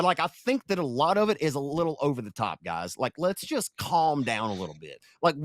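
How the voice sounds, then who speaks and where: Young male podcast host, animated storyteller, drifts off topic. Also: mid-range voice, no echo, studio quality. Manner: rambling, animated, gets sidetracked. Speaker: podcast host and race announcer. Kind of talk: casual podcast chat.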